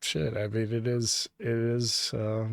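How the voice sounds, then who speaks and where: A man's voice: mid-range voice, little pitch movement, slow pace, gravelly. A man co-hosting a casual podcast chat, talking in rambling, sarcastic runs and laughing often. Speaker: podcast co-host.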